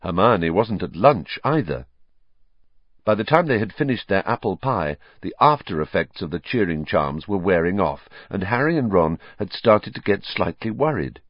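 A man reading a novel aloud as an expressive audiobook narrator. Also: sits low, moderate pace, no echo, dull audio. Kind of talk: scripted narration.

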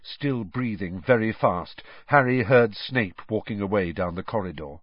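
Male audiobook narrator, animated and dramatic, dry slightly dull audio. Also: lowish voice, normal speed, no echo.

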